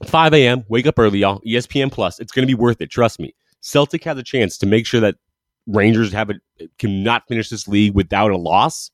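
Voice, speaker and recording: A man's voice: fairly low pitch, brisk, no echo, studio quality. Enthusiastic man hosting a football show. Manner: enthusiastic, rambling, self-correcting. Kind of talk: casual sports commentary monologue.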